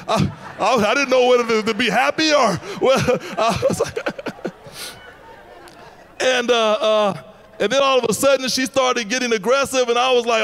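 High-voiced gravelly pastor telling a story. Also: male voice, moderate pace. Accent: American. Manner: animated testimony, laughing, rising to shouts. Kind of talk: sermon storytelling.

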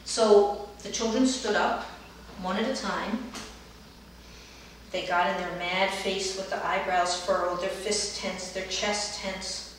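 A middle-aged woman, a dance movement therapist, calmly telling the story of a session with children. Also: mid-range voice, slow, a little hiss or hum. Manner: calm, gentle storytelling, livelier when acting out children. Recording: roomy echo, heard from a distance.

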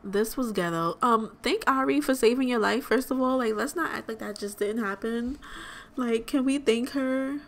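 A woman's voice: a little high, normal speed, creaky. Chatty young woman doing game commentary. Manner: chatty, exclamatory, addresses viewers as y'all. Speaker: let's play host. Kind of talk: casual gameplay commentary.

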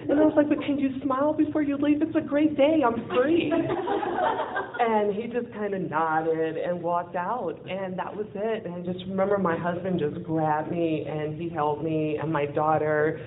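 A woman speaker at a live event, telling a personal story in an animated way, acting out the dialogue and laughing often. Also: deep voice. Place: event venue in front of an audience. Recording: tinny phone-like lo-fi audio with faint hiss.

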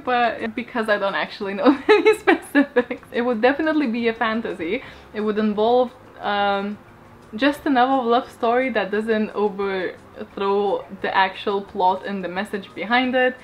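A young woman, a book YouTuber whose voice is going hoarse, reading viewer questions aloud and answering them in a casual chat. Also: mid-range voice, a little hiss or hum. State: hoarse, losing her voice.

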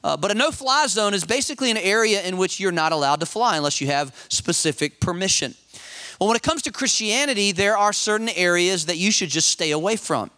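Male pastor in his forties, high bright voice, dry close sound; animated storyteller. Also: no room sound. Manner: animated storyteller, quick restarts and repeated words. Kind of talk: sermon with personal storytelling.

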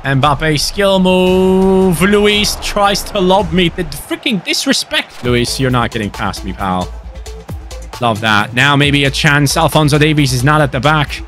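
A young man commentating his own football video game match, swinging between grumbling and excited shouting. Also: a little high, a little slow, soft background music. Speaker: gaming YouTuber. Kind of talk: gameplay commentary.

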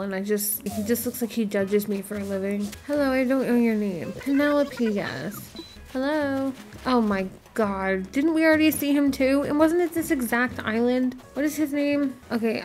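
A woman's voice: a little high, darkish tone. A young woman giving casual game commentary, blunt and dramatic, with frequent swearing. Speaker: gaming vlogger. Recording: faint music behind.

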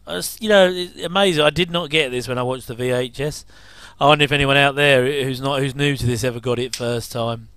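Chatty man, smooth dry voice. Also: mid-range voice, fairly quick, hardly any pauses, a bit bright, no echo. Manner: chatty, jokey asides with chuckles. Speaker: commentary host. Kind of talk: casual watch-along commentary.

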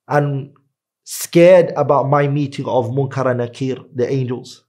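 An earnest male preacher with a mid-pitched voice delivers a sermon as a story. He recites Arabic quickly, then translates into English more slowly. At solemn points his voice drops low and quiet. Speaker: Islamic teacher.

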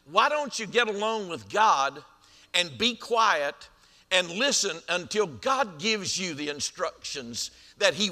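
A man preaching a sermon as senior pastor, stretching key lines slowly and dropping to quiet asides. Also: sits high. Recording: reverberant church sanctuary.

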